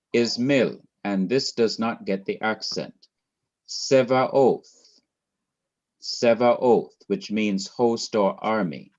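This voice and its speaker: Slow patient Jamaican man teaching. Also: lowish voice, darkish tone, dull audio. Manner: patient, repeats points slowly. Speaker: Hebrew teacher. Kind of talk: online class lecture.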